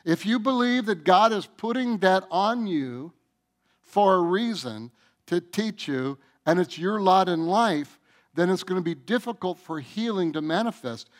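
A man preaching to his church in a high-pitched voice. He takes his time, drawing the words out and pressing each point home as he speaks straight to his listeners. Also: expressive, a little slow. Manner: emphatic, addresses the congregation directly. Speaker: pastor. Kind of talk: sermon.

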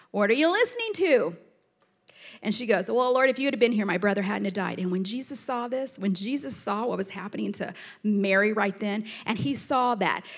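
A woman teaching a Bible passage in a chatty, animated way, reading verses aloud and explaining them with personal asides. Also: a little high. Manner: reads scripture aloud then explains it.

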